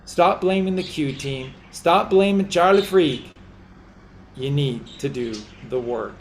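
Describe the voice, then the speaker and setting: Slow, preachy man exhorting listeners. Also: fairly high pitch, lively intonation, slight background noise. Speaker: podcast host. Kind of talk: impassioned religious commentary.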